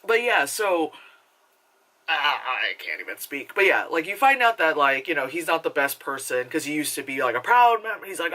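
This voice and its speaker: A woman's voice: sits low, sing-song, normal speed, pushed and bright. A woman giving a casual, rambling movie review, full of filler words and swearing.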